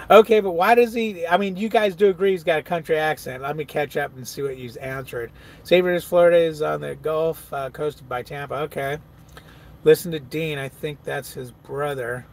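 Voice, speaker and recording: This chatty truck driver streaming live has a slightly high, gravelly voice, fairly even intonation, and a moderate pace. Loose and casual, he reads viewer comments aloud and answers them, swearing freely and laughing often.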